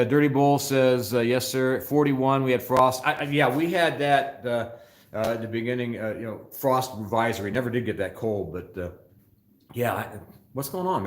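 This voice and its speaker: In an echoey room, an older man with a medium-pitched voice hosts a casual live stream on his phone from a motorcycle shop. The motorcycle channel host chats in a scattered, rambling manner and reads out viewer comments.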